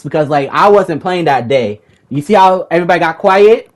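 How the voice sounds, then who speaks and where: A man's voice: a little high, animated, a little fast. Fired-up, foul-mouthed young man. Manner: profane, rambling, repeats himself when worked up. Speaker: gamer recounting a raid group argument. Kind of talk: heated casual storytelling.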